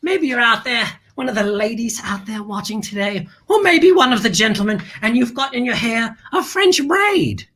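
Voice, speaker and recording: A woman's voice: a little high, sing-song, moderate pace, few pauses, fairly bright tone, slightly rough. A woman hosting a family-friendly show in a flamboyant, theatrical manner, stretching her words and calling the viewer "darling".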